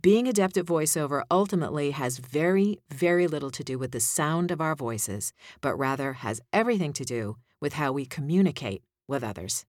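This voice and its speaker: A woman's voice: low-pitched, expressive, fairly quick, hardly any pauses, a little mellow, dry recording, clean studio sound. A woman giving voiceover coaching tips in a conversational way, demonstrating line reads as she goes.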